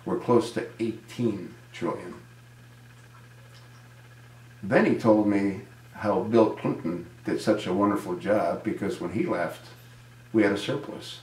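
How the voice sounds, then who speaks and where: A man with a low voice delivers an indignant political monologue, firing off rhetorical questions and answering them himself. His voice rings in an echoey room, recorded at home. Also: unhurried, long pauses, darkish tone. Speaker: video commentator.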